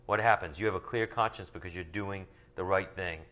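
Man, lowish voice, bible teaching, slow verse reading, rhetorical questions, casual asides. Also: bright, forceful tone. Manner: reads verses slowly, then explains in casual asides. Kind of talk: sermon teaching from scripture.

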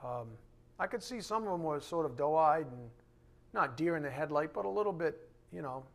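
A man teaching a bible lesson, emphatic, slowing down to read scripture aloud and dropping to quiet asides. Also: on the high side, animated, creaky.

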